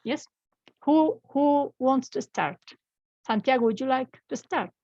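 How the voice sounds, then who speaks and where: A woman's voice: high voice, darkish tone, no echo, lo-fi sound. Patient woman teacher in her fifties. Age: 50s. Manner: slow, patient explaining with repeated examples. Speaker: English teacher. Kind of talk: online English class. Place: at home.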